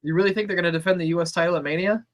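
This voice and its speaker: A man co-hosting a casual wrestling podcast, relaxed and profane, laughing easily. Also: sits high, rapid-fire, lo-fi sound. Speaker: podcast co-host.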